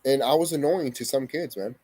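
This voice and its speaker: A man's voice: mid-range voice, a little fast, warm tone, breathy edge, no room sound. A young man vlogging a heated personal story, swearing often and repeating himself for emphasis. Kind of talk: emotional personal storytelling to camera.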